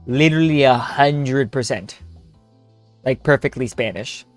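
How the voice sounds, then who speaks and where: A man's voice: medium pitch, unhurried, no echo. A young man streaming a story game with friends, joking, laughing and rambling in casual chat. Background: faint game music.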